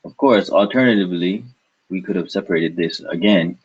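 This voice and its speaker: A man's voice: deep voice, moderate pace, husky, lo-fi sound. A man teaching a language lesson, patiently breaking words into syllables and repeating them.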